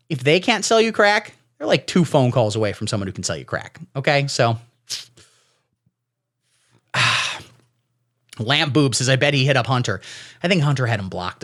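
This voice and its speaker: Satirical commentary host, man, rambling and sarcastic, swoops around in pitch. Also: expressive, moderate pace, fairly bright tone. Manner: sarcastic, rambling, puts on silly voices for quotes. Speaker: comedy streamer. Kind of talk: satirical commentary reading texts.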